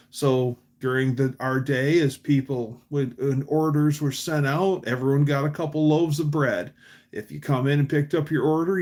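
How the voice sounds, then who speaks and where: A man hosting a livestream, telling long casual stories with restarts and animated quotes. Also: mid-range voice. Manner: rambling anecdotes with restarts, quotes voices animatedly. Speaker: livestream host.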